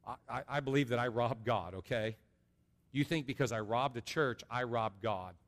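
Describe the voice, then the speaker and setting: A middle-aged man preaching an earnest sermon as a pastor, going from soft and low to loud and high. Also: moderate pace. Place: large church sanctuary. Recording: long reverb of a large hall.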